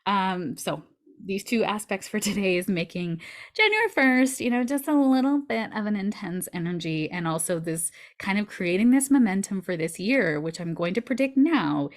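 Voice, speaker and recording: A woman astrologer giving a weekly forecast in a chatty, animated way, with breezy asides. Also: medium pitch, moderate pace.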